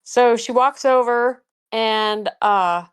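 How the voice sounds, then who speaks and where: Smooth-voiced woman player narrating calmly. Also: on the high side. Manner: measured, describing in third person. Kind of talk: narrating her character's actions.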